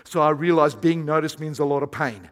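A man preaching a sermon as pastor, swinging between hushed, intimate lines and loud, emphatic bursts. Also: fairly high pitch, a little fast. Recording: long hall reverb.

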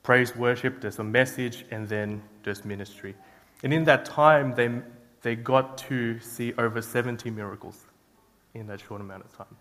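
A man's voice: mid-range voice, normal speed, a bit bright. A young man giving an informal sermon, chatty and self-deprecating, telling a story with lots of fillers and restarts. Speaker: guest preacher. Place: church hall. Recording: long hall reverb.

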